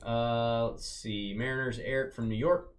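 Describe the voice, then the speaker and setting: A man's voice: medium pitch, fairly even intonation, a little slow, slight background noise. A man hosting a live trading-card break, calling out cards and playfully teasing viewers by name. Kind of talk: casual live-stream commentary.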